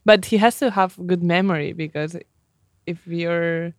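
Relaxed chatting co-host. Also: mid-range voice, a little slow, dry recording, studio quality. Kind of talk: casual chat.

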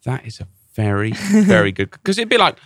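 Lively bright-voiced man chatting. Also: a little high, a little fast, no room sound, clean studio sound. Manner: animated storytelling with many restarts. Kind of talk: casual chat.

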